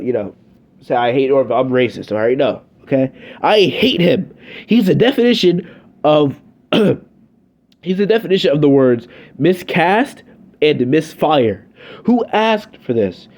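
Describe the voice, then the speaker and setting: A man's voice: medium pitch, animated, moderate pace, a little mellow. A young man giving a scripted review, ranting in an exasperated, sardonic way.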